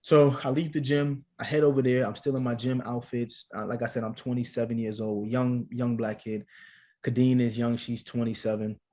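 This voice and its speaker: Animated man telling a story. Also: medium pitch, moderate pace. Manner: lively anecdote-telling with casual slang. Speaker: podcast guest, father and actor. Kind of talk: casual storytelling.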